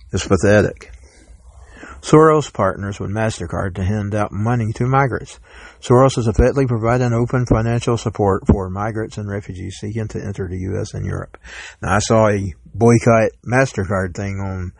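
Gravelly low-voiced man rambling through headlines. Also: no room sound. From Georgia, US South. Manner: rambling, stumbles over words while reading. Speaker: podcast host. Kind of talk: solo podcast monologue reading headlines.

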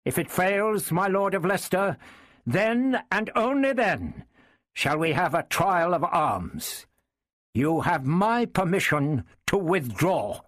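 A man's voice: high voice, sing-song, takes it slowly, a bit bright, no echo, clean studio sound, pitched above the performer's own voice, full character voice. A man doing a clipped, commanding medieval king. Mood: clipped stern. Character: proud commanding medieval king, red-haired.

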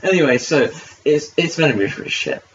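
A man's voice: fairly high pitch, lively intonation, a little fast. Rambling, swearing man on a distant mic. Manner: swearing, rambling, many fillers. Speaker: podcast co-host. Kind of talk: casual commentary chat. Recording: distant lo-fi mic with faint hiss.

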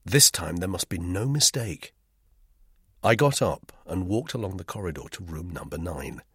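A male audiobook narrator telling a first-person story in a measured, tense way. His husky voice moves lively through the sentences. The recording is dry and close, with no room sound. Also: low-pitched, no echo.

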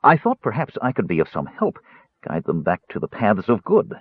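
A nervous cleric stammers and speaks meekly, as a male narrator puts him on. His voice is husky and the recording is dry and thin like a phone line. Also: on the low side, huge pitch swings, normal speed, dry recording, heavily acted. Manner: stammering, meek. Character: nervous, meek middle-aged human cleric.

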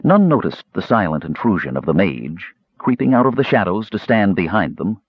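Low husky guy reading a fantasy story, lots of ups and downs, muffled dry sound. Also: sing-song, normal speed, dry recording. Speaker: audiobook narrator. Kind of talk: scripted narration. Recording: slightly muffled dry recording.

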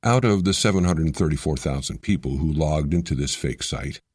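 A man reading a scripted explainer narration in a measured, explanatory way. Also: very deep voice, a little mellow, no echo, clean studio sound.

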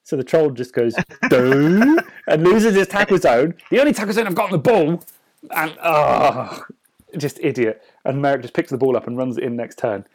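A man's voice: medium pitch, brisk. A man co-hosting a podcast, casually retelling a tabletop game match and acting out his own thoughts. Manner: lively storytelling, acts out his own thoughts. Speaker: podcast co-host.

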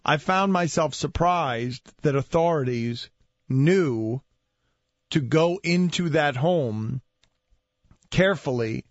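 Radio host guy thinking out loud, kinda high voice, muffled dry audio. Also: animated, slow pace, no room sound. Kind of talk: talk radio monologue.

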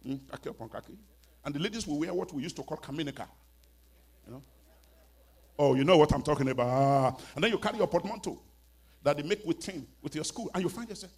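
Preacher guy, husky high voice, dramatic storytelling, hushed then loud. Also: lively intonation, fairly quick, pauses often. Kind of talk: storytelling sermon.

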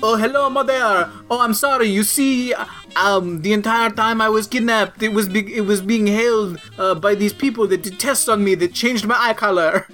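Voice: mid-range voice, lively intonation, fairly quick, hardly any pauses, fairly bright tone, faint music behind, pitched above the performer's own voice, natural voice. A podcaster voicing an adult male impostor faking to be a kidnapped teenager, in an overly formal and falsely innocent way. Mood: fake-innocent. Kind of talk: comic retelling in casual chat.

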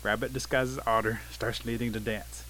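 A male storyteller with a bright, forceful voice, telling an animal folk tale in a relaxed, vivid way. A faint hiss sits under the recording. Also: medium pitch, moderate pace, poor audio. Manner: relaxed, vivid scene-setting.

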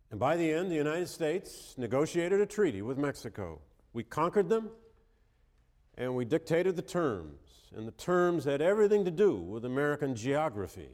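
A man's voice: medium pitch, a little mellow. A man with a cold giving a history lecture in a wry, conversational manner, reading quotations aloud with emphasis. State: has a cold. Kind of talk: university lecture. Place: lecture hall. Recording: reverberant lecture hall.

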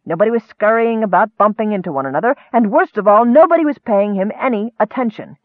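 Guy reading a fantasy book, high voice jumping all over, thin phone-like dry sound. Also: lively intonation, quick pace, no echo. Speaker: audiobook narrator. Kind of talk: storybook narration. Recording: narrow phone-like dry recording.

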